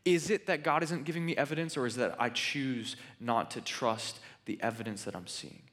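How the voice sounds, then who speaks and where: A man preaching a sermon in an animated, conversational way with joking asides. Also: medium pitch, normal speed. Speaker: pastor.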